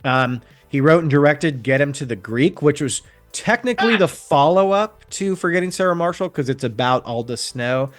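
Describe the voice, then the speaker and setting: A man's voice: fairly high pitch, animated, normal speed, few pauses, faint music behind. Rambling male podcast co-host. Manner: rambling, frequent ums. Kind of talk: casual chat.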